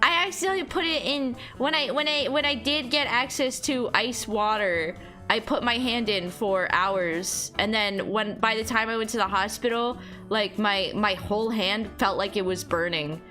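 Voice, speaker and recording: High bright-voiced young woman streamer, rambly casual chat, lots of um and like. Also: moderate pace, soft background music. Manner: rambling, lots of fillers and laughter. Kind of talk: casual chat reading chat aloud.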